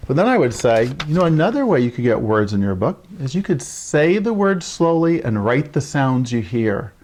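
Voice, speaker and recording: A man's voice: mid-range voice, sing-song, normal speed, darkish tone. Man explaining early writing to parents. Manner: explains with frequent "right?" check-ins and modeled child-directed lines. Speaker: early childhood literacy educator. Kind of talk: instructional talk to parents.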